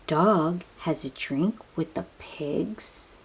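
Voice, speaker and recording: Lady reading a picture book to little kids real slow, soft and kinda husky, lots of whispering. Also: fairly low pitch. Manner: gentle, often dropping to a soft whisper; talks to young listeners, asking questions. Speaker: children's book reader.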